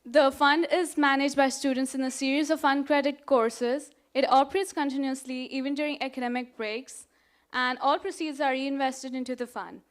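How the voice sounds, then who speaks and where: A woman's voice: high voice, steady tone, moderate pace. A young woman, a college student, reading a scripted, informative presentation to an audience. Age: young adult.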